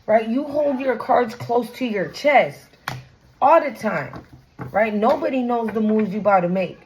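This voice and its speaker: A woman's voice: a little high, unhurried, a little mellow, a little hiss or hum, rough recording. A woman giving a casual tarot reading to her viewers, chatty and blunt, swearing freely and talking in slang. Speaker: tarot reader.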